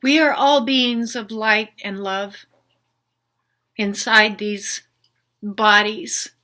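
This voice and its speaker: A woman's voice: mid-range voice, steady tone, extremely slow, pushed and bright. An older woman speaking an unscripted, heartfelt monologue as a spiritual healer, earnest and pleading, with repeated questions. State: emotional.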